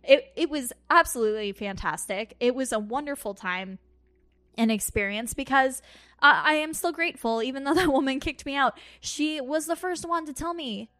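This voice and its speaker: A woman on a podcast, casually telling a personal story with animated asides and acted-out quotes. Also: sits high, moderate pace. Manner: animated storytelling, acts out her own quotes with laughs. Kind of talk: casual chat.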